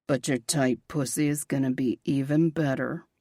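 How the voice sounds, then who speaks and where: A woman voicing a possessive young man, murmuring low and intimately in a romance audiobook. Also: steady tone, moderate pace, mellow, no room sound, studio quality.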